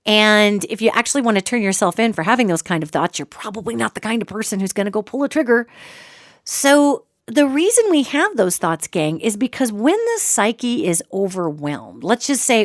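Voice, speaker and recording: A woman hosting a solo podcast, talking in an animated, joking way and acting out quoted voices. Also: mid-range voice, moderate pace, no echo, studio quality. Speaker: podcast host.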